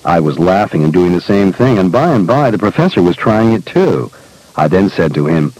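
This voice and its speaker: A man reading a personal essay aloud in a measured, deliberate storytelling manner. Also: deep voice, very animated, darkish tone, no room sound, low-quality recording. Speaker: speaker recounting personal experiences.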